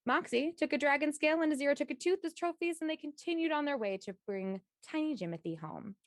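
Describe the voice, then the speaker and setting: A woman's voice: high-pitched, expressive, fast, no echo, studio quality. A woman in a tabletop game stream reading an upbeat recap of the last session, now and then stumbling and correcting herself. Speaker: player giving the session recap.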